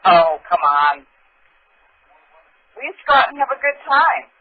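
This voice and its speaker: Playful prank-calling man, animated pitch, heard over a phone. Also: unhurried. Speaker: prank caller. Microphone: telephone. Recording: tinny phone line, faint hiss.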